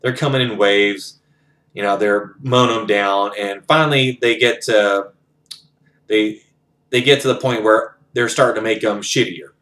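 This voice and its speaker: A man's voice: lowish voice, a little slow, a bit bright. A man casually retelling a novel's plot in his own words, rambling with fillers and swearing. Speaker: book reviewer.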